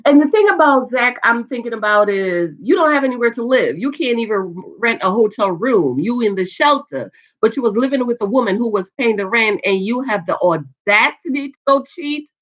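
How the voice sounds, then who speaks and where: A woman with a fairly high voice gives a casual, chatty recap, full of exclamations and asides to her viewers. The sound is dull and lo-fi. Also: lively intonation, moderate pace, few pauses. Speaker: TV episode reviewer.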